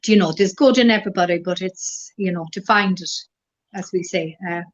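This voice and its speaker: Irish woman, middle-aged, gentle rambly storyteller in a casual interview, muffled lo-fi sound. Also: lowish voice, a little fast. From Ireland. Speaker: guest. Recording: dull lo-fi recording.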